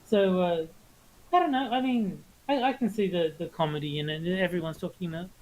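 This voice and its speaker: A man's voice: high-pitched, brisk, a little mellow, a little hiss or hum, poor audio. A man co-hosting a podcast, explaining game roles in a casual chat and walking through the rules step by step. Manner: explains rules step by step, with many fillers and restarts. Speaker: podcast co-host.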